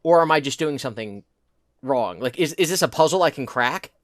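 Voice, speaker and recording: A man's voice: medium pitch, animated, brisk, no echo, clean studio sound. Rambling, exasperated podcast guy. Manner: rambling, exasperated, laughing at himself. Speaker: podcast co-host. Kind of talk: casual chat.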